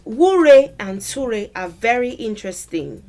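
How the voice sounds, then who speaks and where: A woman language teacher explaining word meanings in a thoughtful, conversational way, pausing to rephrase and to model pronunciations. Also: on the high side, very animated, a little mellow, faint music behind.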